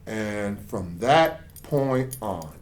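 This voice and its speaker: Passionate low-voiced man telling a story. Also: drawn-out words. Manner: passionate, animated storyteller who acts out quoted dialogue. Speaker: author and interview guest. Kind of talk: conversational storytelling.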